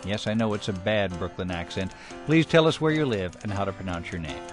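A man's voice: lowish voice, a little fast, music in the background. A man hosting a public radio program, reading listener letters in a dry, wry scripted delivery.

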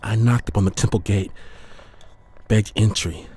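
A man narrating a story in the first person, grave and measured in his delivery. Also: fairly low pitch, steady tone, a little mellow, slight background noise.

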